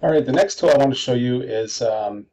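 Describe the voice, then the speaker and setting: A man's voice: mid-range voice, brisk, dark tone, highs cut off. A male teacher giving a screencast tutorial, explaining methodically step by step.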